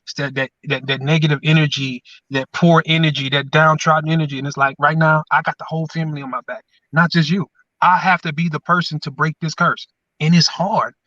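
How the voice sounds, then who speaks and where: A man's voice: on the high side, level tone, brisk, pushed and bright, no room sound, distant mic, highs cut off. A man, co-hosting and talking in an emphatic, repetitive, preacher-like way. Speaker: podcast co-host. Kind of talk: motivational casual chat.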